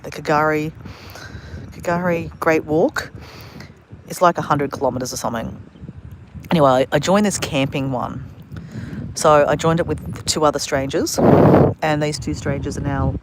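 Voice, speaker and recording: A woman's voice: low-pitched, steady tone, moderate pace, long pauses, noisy background. A woman vlogging a story casually on a livestream, rambling and correcting herself as she goes, outdoors on a phone. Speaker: travel vlogger. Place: outdoors at a beach at sunset.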